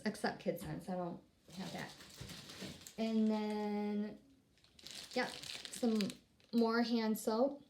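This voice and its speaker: A woman's voice: medium pitch, background noise. A woman chatting casually at home while she unboxes products, bubbly and rambling, often trailing off and restarting her sentences. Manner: bubbly and upbeat. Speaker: vlogger.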